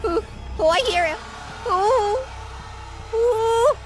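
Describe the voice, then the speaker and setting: A woman giving excitable, jokey let's-play commentary as a video game streamer, talking to her viewers as she plays. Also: extremely high pitch, takes it slowly, faint music behind.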